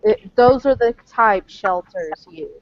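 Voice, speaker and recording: A woman's voice: medium pitch, animated, slow pace, no room sound, dull audio. A woman player in a tabletop role-playing game, explaining things casually.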